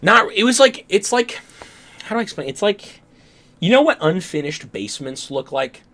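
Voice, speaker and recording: This young podcast co-host, whose voice sits high and sounds fairly bright, describes a dream in a very animated way at a moderate pace. The chat is casual and rambling, full of laughter, as he acts out how he reacted.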